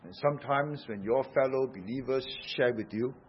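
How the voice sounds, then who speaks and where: Husky emphatic male preacher, dull recording. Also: medium pitch, moderate pace. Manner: emphatic, swings from hushed to loud. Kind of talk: sermon.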